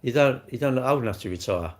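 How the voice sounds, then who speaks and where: Sixty-something bloke on a livestream, chatty and sweary, keeps saying mate, medium pitch. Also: male voice, expressive, quick pace. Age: 60s. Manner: chatty, blunt and sweary, calls viewers mate. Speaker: livestream host. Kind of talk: casual chat reading live comments.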